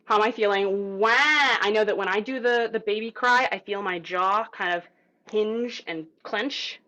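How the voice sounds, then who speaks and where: A woman's voice: mid-range voice, measured pace, bright, forceful tone. A woman teaching a group voice lesson over a video call, in a casual, encouraging way, with filler words. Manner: casual, encouraging, demonstrates vocal sounds. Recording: dull lo-fi video call audio.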